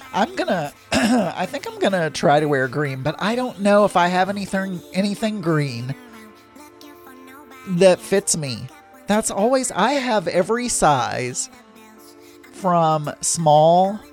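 A middle-aged man hosts a daily solo podcast, talking in a loose, rambling, chatty way. His pitch swings widely as he goes, and he pokes fun at himself. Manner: rambling, chatty, self-deprecating. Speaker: podcast host. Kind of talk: casual solo chat.

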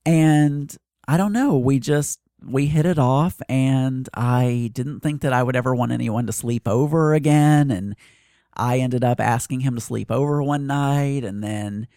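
A man's voice: medium pitch, measured pace, dark tone, no room sound, clean studio sound. A man hosting a personal podcast, talking through his worries in a hesitant, self-deprecating ramble. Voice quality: hesitant, full of fillers and restarts. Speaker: podcast host.

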